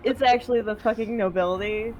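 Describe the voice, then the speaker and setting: A woman's voice: fairly high pitch, fairly even intonation, brisk, music in the background, low-quality recording. A woman playing in a tabletop game, chatting casually with hesitant restarts and frequent laughter. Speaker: player.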